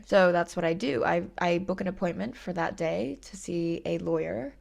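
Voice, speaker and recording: A woman in her early twenties chats through her story in a casual vlog, peppering it with fillers and wry asides. She talks with a lisp from a missing tooth, in a lowish voice with plenty of vocal fry. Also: normal speed, few pauses, a little mellow. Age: 20s. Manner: chatty, frequent "like" fillers, self-deprecating. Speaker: vlogger.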